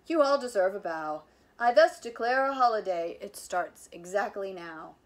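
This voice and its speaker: A fussing, tearful male school principal from a children's picture book, as a woman reads his part. He speaks in a worried, mournful way, a little lower and quieter than the reader, with a lively swing in pitch. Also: normal speed, natural voice. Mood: proud. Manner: anxious, mournful storybook delivery.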